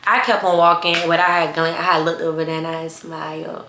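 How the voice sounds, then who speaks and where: A young woman vlogger telling a story in casual chat, blunt, sassy and animated, often laughing. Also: sits low, a little fast. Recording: roomy echo.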